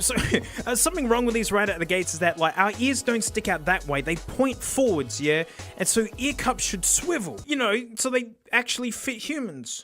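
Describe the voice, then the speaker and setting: A man's voice: sits high, sharp tone. A young Australian man doing a comedic, sarcastic unboxing review of cheap headphones, laughing often. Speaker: tech reviewer.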